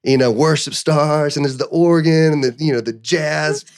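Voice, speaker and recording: A man guest on a podcast, telling a personal story in an animated, earnest way, often acting out what others said, with emotional restarts. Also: on the high side, moderate pace, smooth. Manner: animated storyteller who acts out other people's lines. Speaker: interview guest.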